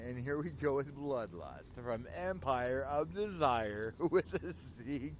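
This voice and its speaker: Excitable laughing radio DJ man. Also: medium pitch, measured pace, hardly any pauses, slight background noise. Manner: excitable, apologetic, laughing often. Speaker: radio show host. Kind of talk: casual radio DJ chat.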